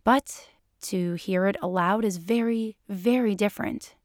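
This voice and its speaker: A woman's voice: mid-range voice, unhurried, no room sound, clean studio sound. A woman reading fan fiction aloud in a playful, amused narrating manner. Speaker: reader.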